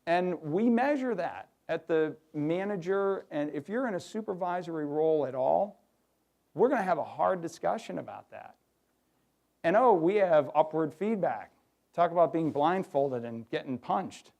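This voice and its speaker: A middle-aged man giving a lively workshop talk to an audience, acting out quoted voices. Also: fairly high pitch, moderate pace, vocal fry. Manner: animated, acts out quoted voices. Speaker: workshop speaker. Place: hotel conference room.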